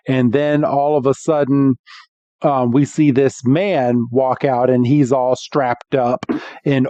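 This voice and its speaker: A man co-hosting a podcast, recapping a cartoon episode in casual chat and jumping into high voices for the characters. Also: warm tone, smooth, dry recording, highs cut off. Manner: retells scenes with quick high-pitched impressions of the characters.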